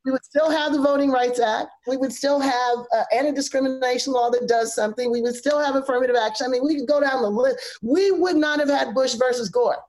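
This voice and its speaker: A woman's voice: high-pitched, fairly quick, few pauses, a little mellow. A woman hosting a conversational interview, reflective and building up rhetorical questions. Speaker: podcast host.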